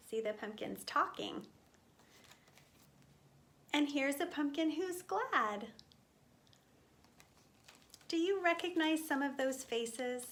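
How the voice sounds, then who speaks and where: Slow, lively storytime woman. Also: high voice. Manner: gentle, slow, exaggerated expression for kids. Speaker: children's storytime host. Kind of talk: storytime reading to young children.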